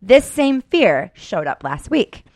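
Animated storytelling woman in her forties. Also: mid-range voice, slow, no room sound, clean studio sound. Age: 40s. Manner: animated, swearing, vivid storytelling with acted-out inner quotes. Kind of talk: casual podcast chat, storytelling.

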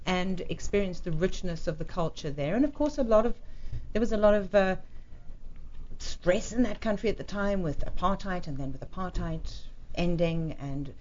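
Polished English-born woman guest, lowish voice. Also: animated, normal speed, a little mellow. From England. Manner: articulate, polished, motivational. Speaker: radio guest. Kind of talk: talk show interview. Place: radio studio. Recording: dull lo-fi radio sound with faint noise.

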